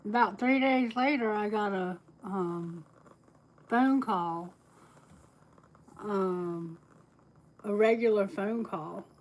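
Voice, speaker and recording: A woman's voice: mid-range voice, slow, pauses often, slight background noise, low-quality recording. A woman tarot reader talks to her live-stream viewers in a loose, candid way. Her voice sits in an ordinary middle range and she breaks into laughter often. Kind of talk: casual live-stream chat.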